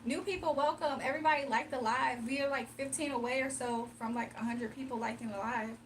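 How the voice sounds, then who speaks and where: Young woman, livestream host, high voice, teasing and giggly, slightly off-mic. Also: steady tone, brisk, recorded from a distance, slight background noise. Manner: playful, teasing, laughs often, mimics commenters in a deep voice. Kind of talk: casual livestream chat, reading comments.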